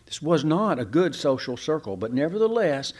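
A man's voice: fairly high pitch, big pitch swings, normal speed, darkish tone. A pastor preaching a sermon in a folksy, conversational way, asking his listeners questions.

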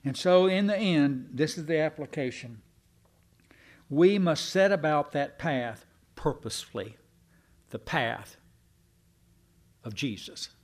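Slow folksy preacher man. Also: a little high, animated. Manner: folksy, self-deprecating, slow deliberate preaching. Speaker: pastor. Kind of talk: sermon.

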